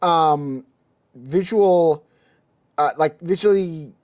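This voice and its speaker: A podcast co-host talks in an unhurried, hesitant way during a casual livestream. Laughs come in between phrases, and the speech is full of pauses. The voice sits at a middle pitch. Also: darkish tone.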